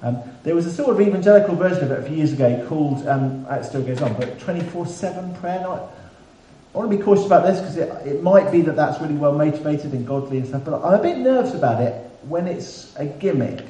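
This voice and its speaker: Male preacher, chatty sermon delivery with wry humour, mellow tone, roomy echo from a distant mic. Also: on the high side, animated, quick pace. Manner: conversational, self-deprecating humour. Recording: echoey room, mic at a distance, faint background hiss.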